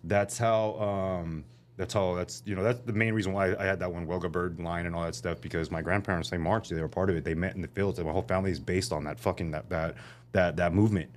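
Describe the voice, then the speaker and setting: A very low-pitched man from San Jose talks casually on a podcast, telling long, winding stories. He swears freely and keeps looping back with fillers. A faint hum sits under his voice. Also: fairly even intonation, fast talker. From San Jose, California. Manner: profane, rambling storyteller with many fillers. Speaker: podcast guest.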